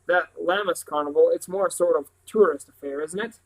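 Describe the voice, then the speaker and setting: A man's voice: on the high side, fairly quick, rough recording. A shy, thoughtful boy in a storybook, voiced by a man reading aloud. He talks diffidently, sounding a little apologetic.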